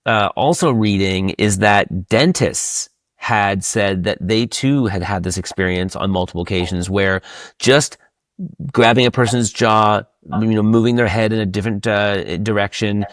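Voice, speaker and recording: A man hosting an interview, telling anecdotes in a lively, heartfelt way. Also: moderate pace, dry recording, studio quality. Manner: animated storyteller, rising in pitch when moved. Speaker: podcast host. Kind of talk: casual interview chat.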